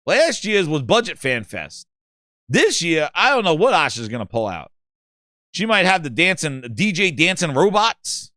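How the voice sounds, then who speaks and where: A man's voice: on the high side, big pitch swings, moderate pace, bright, forceful tone, no echo, clean studio sound. A man hosting a gaming channel, rambling and mocking in casual, profane commentary.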